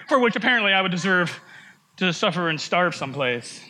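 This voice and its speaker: A man preaching a sermon in a relaxed, conversational way, joking and laughing at himself as he goes. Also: high-pitched, a little fast, a little hiss or hum. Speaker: pastor.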